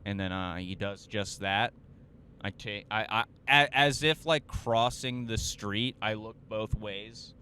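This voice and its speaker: Slow and forceful, with a bright tone in a lowish register, a young man recounts a story on his podcast, profane, self-mocking and full of fillers and restarts. A little hiss or hum runs under the recording.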